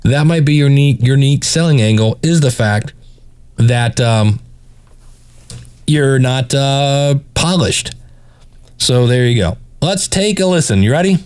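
A man's voice: mid-range voice, unhurried, a little mellow, clear, resonant tone. A man casually reviewing a podcast, picky and hesitant, often restarting his sentences. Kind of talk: casual critique over playback.

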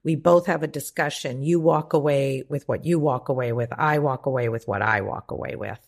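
A woman's voice: rumbling low, moderate pace, creaky. A woman life coach on a podcast, talking emphatically and profanely, acting out the voices in people's heads. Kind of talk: podcast conversation.

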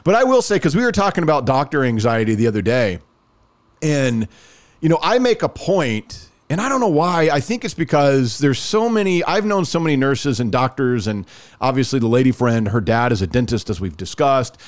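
A man chats on a podcast and tells a story with a lively, swinging pitch. He slips into the voices of the people he quotes, and his voice sits at a middle pitch. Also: moderate pace. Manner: animated, acts out quoted dialogue. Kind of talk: casual storytelling chat.

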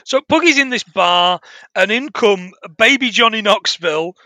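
A man's voice: sits high, lively intonation, normal speed, sharp tone, dry recording. A man chatting casually as a podcast co-host, rambling with frequent laughs and restarts. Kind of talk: casual film review chat.

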